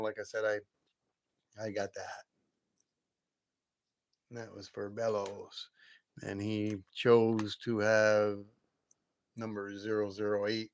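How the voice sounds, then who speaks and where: A man hosting a late-night live stream from home, chatting casually with viewers in a rambling way and often chuckling. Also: on the low side.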